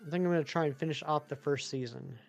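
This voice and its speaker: A man's voice: on the high side, quick pace, gravelly, faint music behind. A man live-streaming a game, chatting casually with viewers in a rambling way with many fillers.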